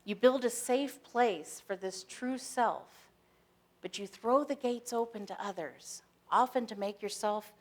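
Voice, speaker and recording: A woman minister giving a sermon, starting with gentle, soft-spoken guided stillness and moving into storytelling. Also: fairly high pitch. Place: church sanctuary, stage lights.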